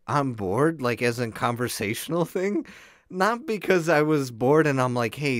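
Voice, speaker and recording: A young man co-hosts a casual podcast, telling a long story full of false starts and restarts. His pitch swings widely as he talks. The sound is dry and close. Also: dry recording. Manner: rambling, self-interrupting storyteller. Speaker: podcast co-host. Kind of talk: casual chat.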